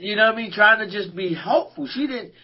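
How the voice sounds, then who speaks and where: High husky-voiced storyteller, laughing. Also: male voice, a little fast. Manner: animated, laughs often while telling stories. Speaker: podcast co-host. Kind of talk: casual storytelling chat. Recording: dull lo-fi recording.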